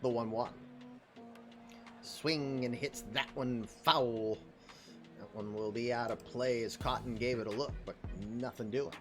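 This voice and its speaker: A man doing casual play-by-play commentary for a baseball game, calling pitches and counts with chatty joking asides. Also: steady tone, a little slow, over music. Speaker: play-by-play announcer.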